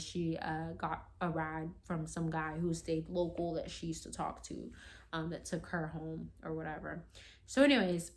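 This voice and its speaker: Woman, lowish voice, casual storytime vlogger, rambling, acts out quotes. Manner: chatty, rambling, heavy on "like" and "you know"; acts out quoted lines in a raised voice.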